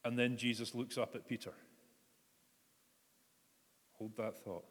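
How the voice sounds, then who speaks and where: A man's voice: medium pitch, level tone, measured pace, slightly rough. A man preaching a reflective sermon, retelling a story and inviting his listeners to picture it. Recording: echoey hall reverb.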